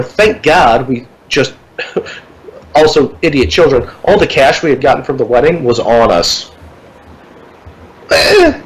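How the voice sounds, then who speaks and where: A man in casual podcast chat, telling a long story with lively energy, swearing freely and putting on voices for the people in it. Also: medium pitch, slow pace, pauses often, poor audio.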